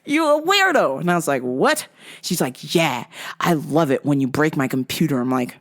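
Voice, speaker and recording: A woman's voice: a bass voice, moderate pace. A woman hosting a podcast, casually telling profane stories, acting out other people's lines and laughing at her own jokes. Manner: acts out quoted voices. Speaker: podcast host. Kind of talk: casual storytelling.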